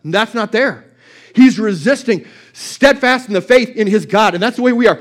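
A man with a notably high voice delivers a fervent sermon. He presses each point home, circling back to the same scripture line over and over. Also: moderate pace. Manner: impassioned, repeats scripture over and over. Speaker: pastor.

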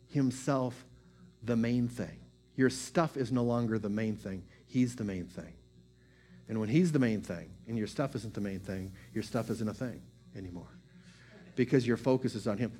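A man's voice: medium pitch, darkish tone. A male pastor giving a conversational sermon, repeating phrases and building emphasis with informal asides.

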